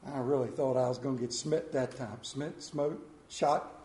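A man preaching a sermon as pastor, swinging from hushed lines to loud ones. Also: medium pitch, fairly even intonation, normal speed, roomy sound.

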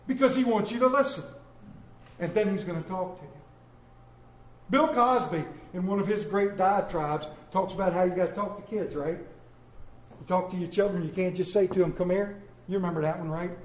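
High-voiced pastor preaching in an echoey church. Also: male voice. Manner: animated, swinging from loud to hushed, humorous asides. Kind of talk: sermon.

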